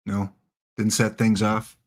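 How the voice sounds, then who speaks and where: A man's voice: on the low side, completely flat delivery, slow pace. A middle-aged Canadian man hosting a livestream with casual, joking chat, answering his viewers. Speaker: livestream host.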